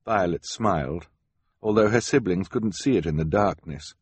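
A man's voice: deep voice, normal speed, slightly rough, no echo. A man narrating a storybook with a wry, melancholy storyteller manner, close to the microphone. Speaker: audiobook narrator.

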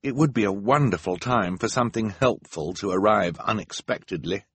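A man's voice: fairly low pitch, normal speed, fairly bright tone, natural voice. A man voicing an earnest, bookish teenage boy in an audiobook, explaining things. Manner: earnest, explaining, slightly raised. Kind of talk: audiobook narration.

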